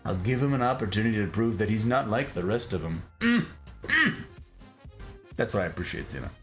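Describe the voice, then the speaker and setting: A man's voice: fairly low pitch, fast, faint music behind. A man hosting a casual livestream chat from his desk, joking playfully with viewers as he reads their messages. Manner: playful, jokey asides to chatters. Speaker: host. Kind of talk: casual chat reading live chat. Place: home desk.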